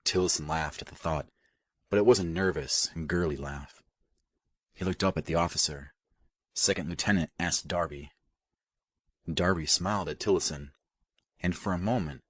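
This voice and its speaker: Deep deep husky guy reading an audiobook, dry close sound. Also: moderate pace, long pauses, a bit bright, dry recording. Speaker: audiobook narrator. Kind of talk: scripted narration.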